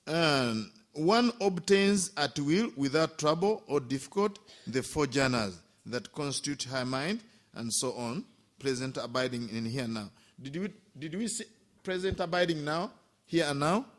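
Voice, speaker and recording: Animated, higher-voiced monk giving a talk. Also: male voice, measured pace. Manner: animated storyteller, checks in with listeners by asking "Hmm?" and "Eh?"; gentle humor. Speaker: Buddhist monk teaching. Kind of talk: Dhamma talk with stories.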